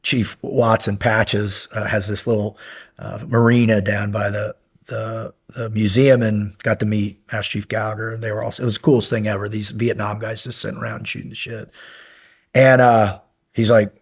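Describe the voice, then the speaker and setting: A man's voice: on the low side, moderate pace, husky. A middle-aged man, a podcast guest, telling long rambling stories in a casual interview and acting out the lines of people in them. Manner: rambling, animated, acts out quoted lines.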